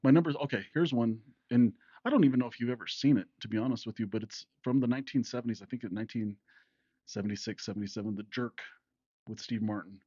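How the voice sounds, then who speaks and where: A man's voice: mid-range voice, fast talker, mellow, no echo, lo-fi sound. Rambling, laughing dad in his fifties. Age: 50s. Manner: rambling storyteller, laughs often, acts out quotes. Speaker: podcast co-host, father. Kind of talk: casual chat.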